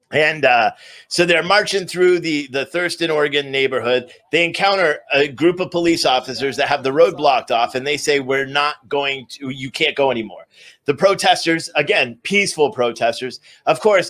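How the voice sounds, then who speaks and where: A man's voice: mid-range voice, a bit bright. A man live-streaming, giving a sarcastic, ranting commentary recap to his viewers. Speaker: livestream commentator.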